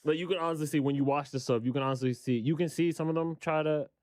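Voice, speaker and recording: A man co-hosting a podcast, jumping in with animated comments and laughing easily. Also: a little high, fast, no echo. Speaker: podcast co-host. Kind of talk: casual interview chat.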